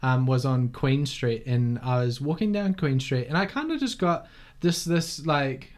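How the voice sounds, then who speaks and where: A man's voice: mid-range voice, animated, a little slow, darkish tone. A young man hosting a podcast, telling a personal story in a chatty, emotional way full of fillers. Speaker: podcast host. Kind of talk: casual podcast conversation.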